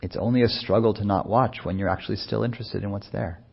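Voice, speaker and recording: A man speaking as a meditation teacher in a soft-spoken, unhurried, musing way, with many pauses. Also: fairly low pitch, fairly even intonation, creaky, husky, highs cut off. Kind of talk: reflective dharma talk.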